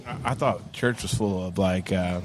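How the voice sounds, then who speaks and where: Middle-aged Texan pastor, lower voice, tells a rough past plainly at a table. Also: male voice, moderate pace. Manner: frank, earthy storytelling with acted-out quotes. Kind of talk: storytelling in casual table talk.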